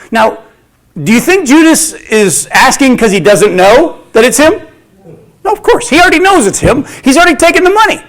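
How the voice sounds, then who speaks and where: A man leads a Bible study in sermon style, his voice pitched on the high side. He talks with animation and slips into the voices of the people he quotes. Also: very animated, normal speed.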